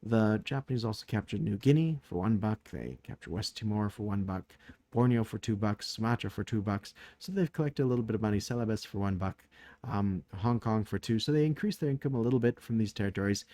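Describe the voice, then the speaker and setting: A man's voice: fairly low pitch, animated, fairly quick, dark tone, no room sound. A man casually recapping a turn of a strategy board game, thinking aloud with many fillers, tired late at night.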